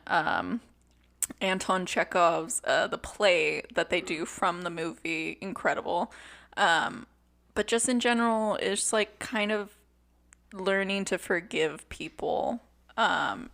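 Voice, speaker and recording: A woman's voice: mid-range voice, gravelly, fairly bright tone. A young adult woman co-hosting a podcast, chatting candidly, laughing often and turning reflective. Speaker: podcast co-host. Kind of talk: casual chat.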